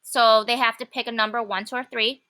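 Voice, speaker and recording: A woman teaching a programming lesson, talking casually and thinking aloud with many pauses and fillers. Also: a little high, steady tone, pushed and bright. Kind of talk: classroom coding lesson.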